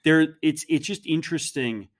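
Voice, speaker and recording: A man's voice: on the high side, normal speed. A man co-hosting a history podcast, talking things through and drawing comparisons. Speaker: podcast co-host.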